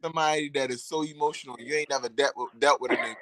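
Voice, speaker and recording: A man's voice: medium pitch, fairly even intonation, rapid-fire, a bit bright, dry recording. Guy on a podcast, mid voice, reflective, talking it through, dry close mic. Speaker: podcast guest. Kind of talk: casual chat.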